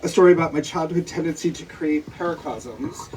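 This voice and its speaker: With a crowd audible behind him, a man with a fairly high voice briskly puts prepared questions to an author at a bookstore event. He's a comic book artist acting as interviewer, hesitant and full of "um" and "uh," reading notes aloud; the distant mic adds faint noise.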